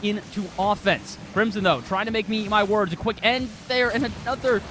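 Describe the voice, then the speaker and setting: A man calling a live esports match with a bright, high-pitched voice. He is excitable and his voice shoots up on big saves and goals. A faint hiss sits under the voice. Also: fairly quick. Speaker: esports caster. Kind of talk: live play-by-play commentary.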